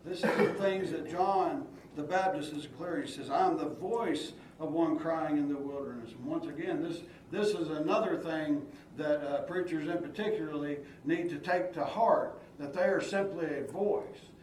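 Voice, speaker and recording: A man's voice: on the high side, moderate pace, hardly any pauses, a little mellow. A man teaching Sunday school who reads scripture aloud and then explains it plainly, often restarting his sentences. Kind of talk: expository Bible teaching. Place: church room. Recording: echoey church room from far off, faint hiss.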